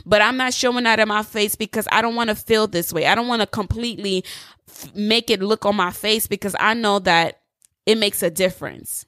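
A young woman telling a personal story in an emphatic, expressive, preachy way. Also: on the high side, dry recording, clean studio sound. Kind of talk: personal testimony monologue.

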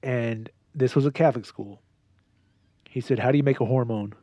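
A man's voice: mid-range voice, moderate pace, mellow, breathy edge, no room sound, highs cut off. A man co-hosting a casual chat, rambling through stories and jokes. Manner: rambling, joking, storytelling.

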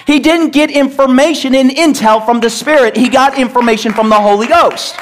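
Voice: high voice, brisk, few pauses. A pastor preaching a sermon to a congregation, emphatic and pressing them with questions. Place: church service.

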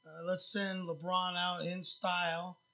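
High, bright-voiced blunt man. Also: little pitch movement, a little slow, vocal fry. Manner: blunt, profane, rambling with fillers. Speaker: podcast host. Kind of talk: casual chat.

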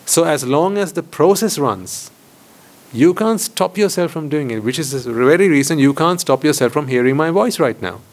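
Buddhist monk giving a questioning talk. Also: male voice, fairly high pitch, expressive, moderate pace. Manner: questioning, rhetorical, repeats phrases for emphasis. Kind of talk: dharma talk to lay audience. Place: hall with board.

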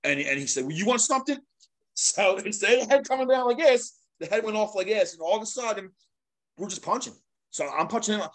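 A middle-aged man, a guest and longtime sports mascot, telling stories in a casual, animated way, laughing often and acting out what others said. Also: high voice, a little fast. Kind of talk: casual storytelling.

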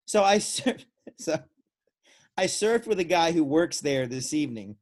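Man, from Florida, podcast co-host, casual storytelling, slightly high voice. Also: a little slow. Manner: animated storyteller who acts out quoted voices.

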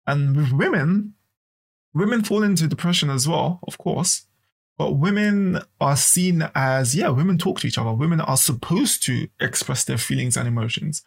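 A man hosting a podcast in a casual, animated way, often repeating his words. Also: medium pitch, vocal fry. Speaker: podcast host.

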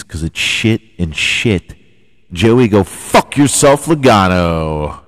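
A man's voice: lowish voice, sing-song, drawn-out words, no room sound, studio quality. A man hosting a podcast, giving rambling, profane, joking commentary on his own. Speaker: podcast host. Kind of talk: casual solo commentary.

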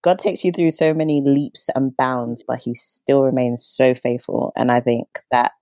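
A woman with a notably deep voice hosts a podcast. She talks in a chatty, rambling way, with fillers all through her questions. The sound is dry, with no room echo. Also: steady tone, normal speed, gravelly, a little mellow. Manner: chatty, filler-heavy with many likes. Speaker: podcast host. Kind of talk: casual interview.

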